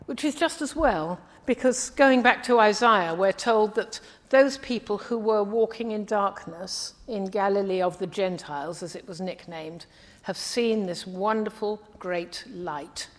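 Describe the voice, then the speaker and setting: A woman from the English Midlands preaching a sermon in a measured, earnest way, often trailing off softly at the ends of phrases. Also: medium pitch. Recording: long hall reverb.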